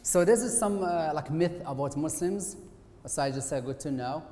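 A man's voice: on the high side, normal speed, mellow. Man lecturing in an echoey hall. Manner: conversational and hesitant. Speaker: guest lecturer, occupational therapist. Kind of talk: presentation lecture. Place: university auditorium. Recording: echoey hall with faint hiss.

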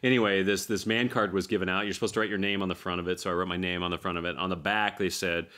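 A man in his forties hosting a faith-based men's talk show, animated and preachy, his voice climbing when he gets fired up. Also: sits low, very fast. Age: 40s. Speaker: host.

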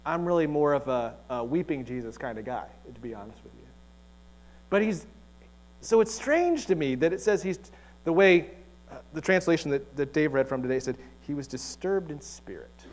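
Man, pastor; relaxed, joking sermon delivery, slightly high-pitched, church setting. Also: normal speed. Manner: chatty, joking, asks rhetorical questions. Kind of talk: conversational sermon. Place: church sanctuary.

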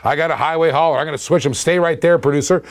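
A man's voice: on the high side, steady tone, racing. Playful Canadian man running a live auction. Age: 40s. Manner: playful, jokey, laughs often, repeats himself. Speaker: live-stream toy car auctioneer. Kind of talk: live auction stream chat.

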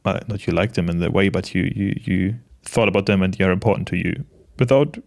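A vlogger in his late twenties speaks to the camera in a low, creaky voice. His monologue is casual and reflective, gentle and halting, full of restarts and soft laughs.

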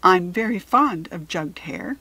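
A woman voicing a patient farmer father who teases his daughter calmly. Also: on the low side, unhurried, breathy edge, no echo, heavily acted. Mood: teasing.

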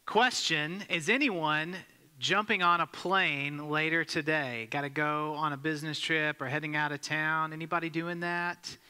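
A man's voice: fairly high pitch, steady tone, unhurried, sharp tone, smooth. A man giving a sermon as a pastor, telling a story conversationally and asking the congregation questions. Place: church sanctuary. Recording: long hall reverb.

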